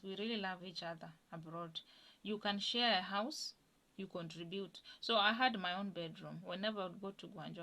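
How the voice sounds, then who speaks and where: Young woman giving an earnest testimony. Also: medium pitch. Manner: earnest and animated, drops to a hush when moved. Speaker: guest sharing a personal testimony. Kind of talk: personal testimony storytelling.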